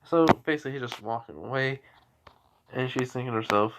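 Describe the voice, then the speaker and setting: A man casually telling a fan story off the cuff, wandering through it with fillers and restarts. His voice sits at a middling pitch. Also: fairly quick, noisy background.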